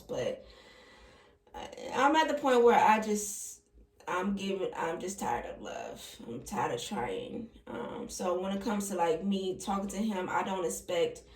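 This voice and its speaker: A young woman reading tarot cards in a casual, emotional way, often laughing. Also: medium pitch. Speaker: tarot reader. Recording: echoey room, voice from a distance.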